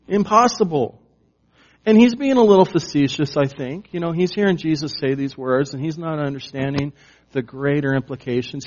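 A man's voice: on the high side, darkish tone. Conversational male preacher, slightly dull audio. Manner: conversational, emphatic, many fillers. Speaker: pastor. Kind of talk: sermon teaching.

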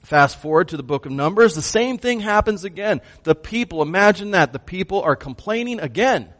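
Guy preaching, kinda high voice, goes quiet then loud, asks the church stuff. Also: expressive, moderate pace. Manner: swings from hushed to loud, emphatic; asks the congregation questions. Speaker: pastor. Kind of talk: sermon.

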